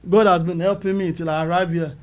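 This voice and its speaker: A middle-aged Nigerian man tells his story with a fairly high voice. He acts out the people in his story, and his voice jumps up whenever he quotes someone. He sounds like a guest sharing his career in an interview. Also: quick pace. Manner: animated, acts out calls and quotes with rising pitch. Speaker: film makeup artist, guest.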